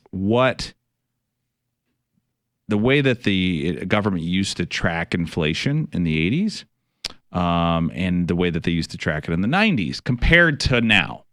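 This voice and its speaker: A man's voice: low-pitched, fairly bright tone, no room sound, studio quality. A middle-aged man, a financial advisor hosting a radio show, talking casually with many fillers, restarts and some wry sarcasm.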